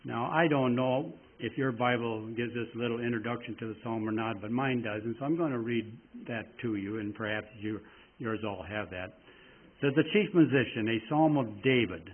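A man gives a folksy sermon, wandering into asides and then leaning hard into slow scripture reading. His mid-range voice comes through thin and tinny, like a phone line. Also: mid-range voice, fairly even intonation. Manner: folksy and rambling, reading scripture slowly with emphasis. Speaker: preacher.

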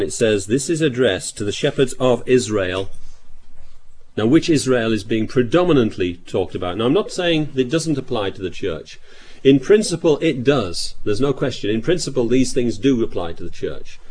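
A man's voice: mid-range voice, darkish tone, slightly rough. A man preaching a sermon, reading scripture aloud and explaining it, often restarting his phrases. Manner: reads scripture aloud, with frequent restarts and rising emphasis.

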